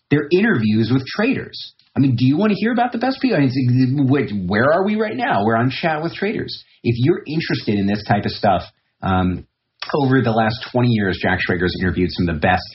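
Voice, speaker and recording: A man's voice: mid-range voice, dull audio. A man speaking as a trader guest on a podcast interview, rambling and reflective, with many fillers and restarts. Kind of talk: casual interview talk.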